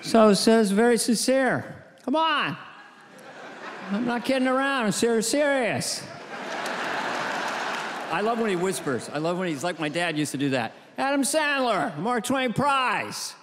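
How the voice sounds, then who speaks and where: A man impersonating a rambling older male president who speaks in a halting, mock-sincere way, on stage in a theater. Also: high-pitched, expressive, fairly bright tone, some chatter behind. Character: older male president, raspy earnest whisperer. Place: theater stage at an award ceremony. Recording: noisy live hall with audience.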